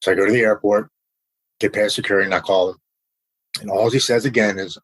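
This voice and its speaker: Low-voiced man telling a raw story. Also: fairly even intonation, fast talker, pauses often, fairly bright tone, slightly rough, poor audio. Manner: candid, emotional storytelling, often says "man". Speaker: podcast guest. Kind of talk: personal recovery story.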